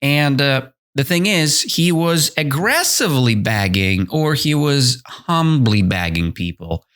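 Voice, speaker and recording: Animated man explaining a story slowly. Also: medium pitch. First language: Russian. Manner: animated, chatty, self-correcting explanations. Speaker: English teacher, podcast host. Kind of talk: storybook lesson explaining vocabulary.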